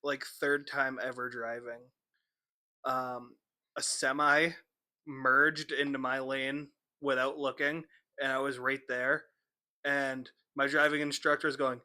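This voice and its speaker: A young man co-hosting a podcast, telling funny stories in a casual, animated way and acting out the people he quotes. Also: medium pitch, slow pace. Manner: animated, acts out quotes with laughter. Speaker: podcast co-host. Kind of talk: casual storytelling chat.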